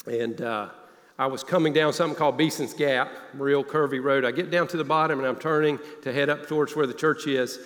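A man's voice: mid-range voice, steady tone, a little fast. Man preaching in a reverberant church. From Northeast Alabama. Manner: storytelling, drops to quiet earnest tones. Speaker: pastor. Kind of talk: sermon. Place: church sanctuary. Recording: long hall reverb.

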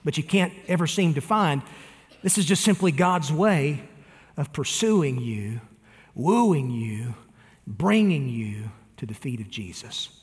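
A man's voice: fairly high pitch, lively intonation, slow, long reverb tail. A man preaching a sermon, talking earnestly and appealing directly to his listeners. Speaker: pastor.

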